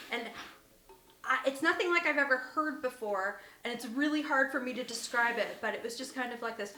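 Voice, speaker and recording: A woman with a high, bright voice tells a spooky story as the casual host of her own show. Her pitch swings widely as she laughs her way through it, then sinks to a hush when things get tense. The room around her rings with an echo. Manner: animated, laughs often, drops to a whisper at tense moments. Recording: echoey room.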